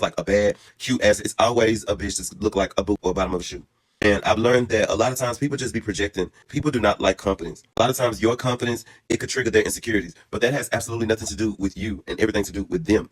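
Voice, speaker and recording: Fast, brassy, profane male storyteller. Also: fairly low pitch. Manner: animated, profane, brassy and dramatic; calmer and reflective later on. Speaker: storyteller vlogger. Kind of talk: casual story time.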